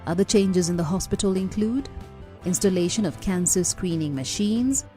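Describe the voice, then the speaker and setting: A woman narrating a news report in a scripted, even delivery. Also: on the low side, moderate pace, soft background music.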